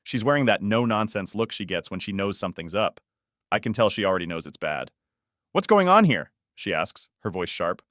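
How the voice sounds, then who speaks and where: A man reading a first-person story as a scripted narration, in an even, measured manner. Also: low-pitched, dry recording, clean studio sound.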